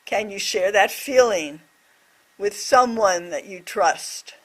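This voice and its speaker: A woman voicing a deaf presenter's signed reflection on a scripture story, speaking in short, measured phrases. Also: medium pitch, lively intonation.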